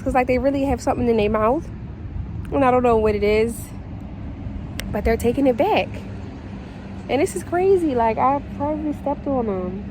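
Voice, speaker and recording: A woman talking casually to her phone camera in a vlog, excitable and chatty, full of fillers. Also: sits high, normal speed, pauses often. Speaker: vlogger. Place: outdoors, then a station café and shops. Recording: outdoor noise behind the voice.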